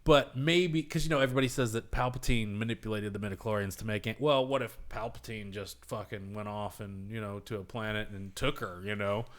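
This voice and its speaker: Guy on a podcast rambling about a movie, swearing a lot, pitch in the middle. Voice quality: profane, rambling, animated retelling. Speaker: podcast host. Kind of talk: casual chat.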